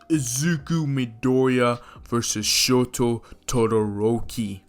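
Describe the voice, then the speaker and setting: A man telling a fan-made story in a casual, rambling way. His voice is bright, and he leans on fillers and corrects himself mid-sentence. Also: medium pitch, clear, resonant tone. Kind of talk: casual fan-fiction narration.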